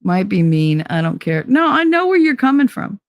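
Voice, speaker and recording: A woman hosts a casual talk show and tells a personal story bluntly, with lots of animation and plenty of swearing. Her voice sits at an ordinary middle pitch and is recorded dry and close. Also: big pitch swings, moderate pace, no room sound. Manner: swears freely. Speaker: host. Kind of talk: casual chat.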